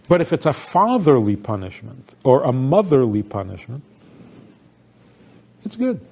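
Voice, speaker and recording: A man's voice: medium pitch, vocal fry, warm tone, husky. An older man, a rabbi, giving an informal talk to an audience, telling stories, asking rhetorical questions and laughing often.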